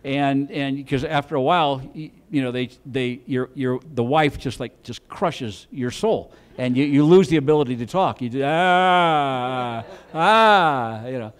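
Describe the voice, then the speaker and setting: A man's voice: mid-range voice, normal speed, few pauses, a little mellow. A middle-aged man doing stand-up on a club stage, telling a rambling story with lots of stammered restarts. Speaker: stand-up comedian.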